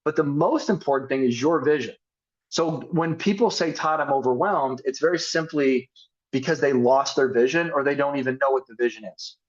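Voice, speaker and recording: A man's voice: medium pitch, normal speed, muffled recording. A man giving a casual motivational talk on sales and team building, acting out sample conversations as he coaches. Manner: casual, energetic, acts out sample dialogues. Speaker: network marketing team leader.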